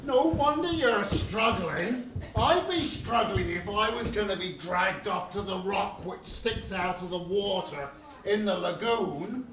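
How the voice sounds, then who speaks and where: A woman acting a dim, gloating pirate henchman in a pantomime, with a slow drawl. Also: medium pitch, lively intonation, natural voice. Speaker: amateur stage actor. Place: community stage hall. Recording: echoey hall from far off, noisy.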